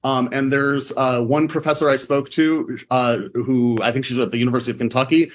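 A man's voice: medium pitch, little pitch movement, a little fast. Man from the Midwest, radio interview guest, conversational and filler-heavy. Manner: chatty, lots of fillers and "like". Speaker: reporter guest.

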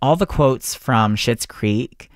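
Guest, male baker, mid-pitched, rambling anecdotal delivery, dry room. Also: slow, no room sound. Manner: chatty storyteller with frequent restarts. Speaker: small-business cookie baker. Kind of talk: casual interview chat.

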